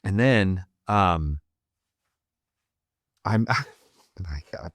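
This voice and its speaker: A young man spins a rambling, profane story with frequent laughter, in a low voice. He speaks slowly and unhurriedly. The sound is dry and close, with no room around it. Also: no echo. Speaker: podcast guest, Marine veteran. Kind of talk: casual storytelling.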